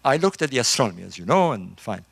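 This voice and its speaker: A middle-aged man, a construction engineer, giving an emphatic, animated talk to a group in a room. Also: mid-range voice, fast, creaky, husky, no room sound. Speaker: speaker on ancient engineering. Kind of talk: lecture-style talk to a live group.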